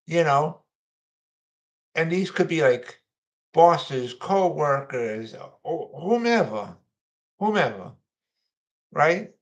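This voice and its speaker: A man's voice: a little high, animated, takes it slowly, a bit bright. A man hosting his own show, talking casually in a rambling, repetitive way with many fillers. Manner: mocking whiny voices when quoting others. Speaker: host. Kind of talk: casual monologue.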